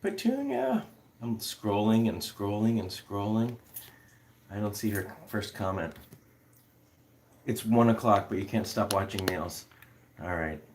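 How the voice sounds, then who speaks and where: A man's voice: lowish voice, fairly even intonation, unhurried, long pauses, darkish tone, a little hiss or hum. A man who runs an animal rescue, chatting casually with live viewers in a loose, rambling way, full of fillers. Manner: rambling, filler-heavy, answers chat comments. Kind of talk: casual live stream chat. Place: home room with pets. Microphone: camera on upside-down tripod.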